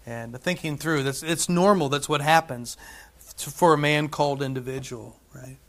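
A man preaching a sermon in a conversational way, often checking in with "right?" and dropping from loud to hushed. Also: on the high side, moderate pace. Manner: conversational, frequent "right?" asides, swings between loud and hushed.

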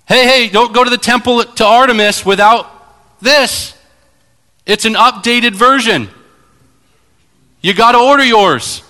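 A man voicing a pushy male idol peddler who hawks his wares in a high, eager sales voice. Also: unhurried, long pauses, sharp tone, full character voice. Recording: long hall reverb.

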